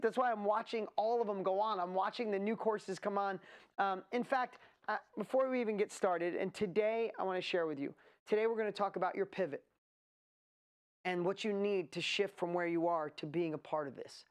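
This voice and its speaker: A woman hosting a live online event, talking in an excitable, rambling way as she builds hype. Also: medium pitch, fairly quick. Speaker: event host. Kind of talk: energetic live webinar presentation.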